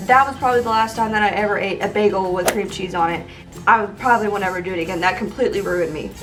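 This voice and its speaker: A young woman telling funny stories from her life in a chatty, animated way with lots of fillers. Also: medium pitch, quick pace, recorded from a distance, over music, poor audio. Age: young adult. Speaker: vlogger. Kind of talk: casual storytime.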